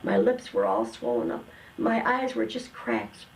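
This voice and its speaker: An older woman telling her personal testimony in an earnest, emotional way, with slow dramatic pauses. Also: deep voice, wildly swooping pitch, vocal fry, a little hiss or hum, poor audio. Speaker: testimony guest.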